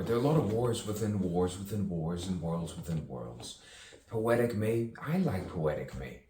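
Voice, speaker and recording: A man's voice: low voice, animated, normal speed, warm tone. A man rambling in a self-recorded monologue, musing and sardonic, asking himself questions and laughing at himself. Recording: echoey room, distant mic, faint background noise.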